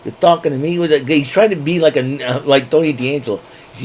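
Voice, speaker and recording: A man's voice: on the high side, brisk, darkish tone, a little hiss or hum, poor audio. A man giving a casual, rambling recap as host, with many fillers and restarts. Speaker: wrestling show recap host.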